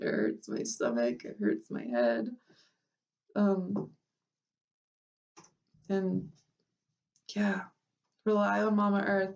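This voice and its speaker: A woman's voice: medium pitch, a little mellow, recorded from a distance, lo-fi sound. Tearful woman on a phone stream. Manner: emotional, laughing through tears, swears casually. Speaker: live stream host. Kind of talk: unplanned live stream chat.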